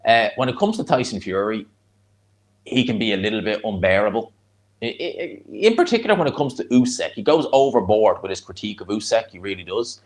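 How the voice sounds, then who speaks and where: A man with a North Dublin accent and a fairly low voice chats through a live fight watch-along. He rambles and restarts his sentences, then breaks into excited reactions to the punches. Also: fairly quick. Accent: North Dublin (Fingal). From Ireland.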